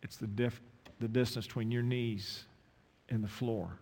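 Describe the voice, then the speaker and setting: A man's voice: steady tone, unhurried, husky. Man preaching a sermon in a reverberant hall. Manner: emphatic, swings from loud questions to low intimate asides.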